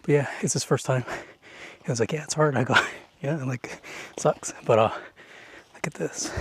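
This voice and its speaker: A man's voice: medium pitch, normal speed, a little hiss or hum. Chatty young man vlogging a mountain hike. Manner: chatty and rambling, full of "like". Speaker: hiking vlogger. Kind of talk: casual vlog narration while hiking. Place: outdoors on a mountain trail.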